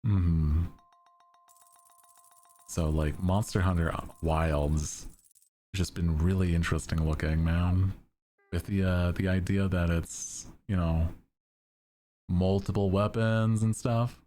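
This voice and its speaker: A young male streamer with a very deep, low voice, talking in an unhurried, laid-back monotone. He chats casually with his viewers, giggling now and then as he reads their messages. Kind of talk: casual chat with chat.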